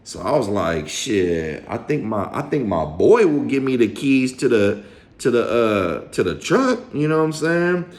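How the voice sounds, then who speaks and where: Man, casual storytelling, lively swooping pitch, echoey room, slangy and profane. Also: measured pace. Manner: animated slangy storytelling with lots of swearing. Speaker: storyteller vlogger.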